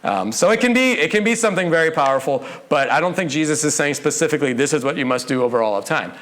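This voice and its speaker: A male pastor giving a casual, conversational sermon with joking, animated asides. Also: a little high, fast talker. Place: church.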